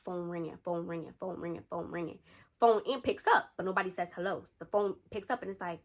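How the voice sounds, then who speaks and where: A woman's voice: fairly low pitch, brisk. A young adult woman, telling a storytime tale casually and acting out the lines of friends and a boyfriend. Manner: animated, acts out friends' and a man's lines in quotes. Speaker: storytime vlogger.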